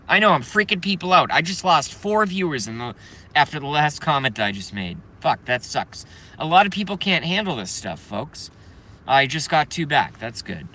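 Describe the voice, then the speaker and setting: Man, live stream rant, bright forceful voice, lively pitch swings. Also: moderate pace. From Boston, Massachusetts. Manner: profane and heated, swinging between loud outbursts and muttering.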